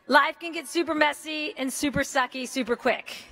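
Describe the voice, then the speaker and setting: In a large indoor arena, an American woman in her fifties delivers a commencement speech with a high voice at a moderate pace. She's energetic, casual and joking, with some mild swearing.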